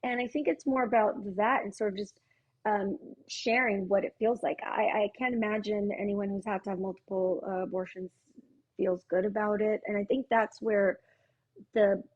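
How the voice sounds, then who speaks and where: Husky-voiced woman therapist talking thoughtfully. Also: mid-range voice, fairly even intonation, moderate pace, muffled recording. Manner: thoughtful, earnest, many fillers. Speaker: psychotherapist guest. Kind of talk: casual podcast discussion.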